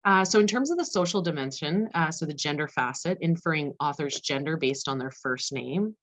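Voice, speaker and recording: Woman, low voice, academic talk, rapid delivery, frequent fillers. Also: expressive. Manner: fast-paced, self-aware of speed, frequent fillers. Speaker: conference panelist. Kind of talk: academic presentation.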